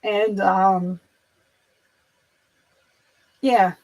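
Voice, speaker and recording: A woman chatting casually on a livestream, rambling with many fillers and restarts, turning soft and emotional as she speaks of loss. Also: medium pitch, steady tone, drawn-out words, rough recording. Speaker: livestream host.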